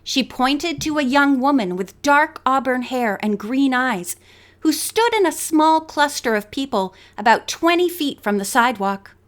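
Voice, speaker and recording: Lady reading an audiobook, high voice, takes her time. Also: lively intonation, unhurried. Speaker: audiobook narrator.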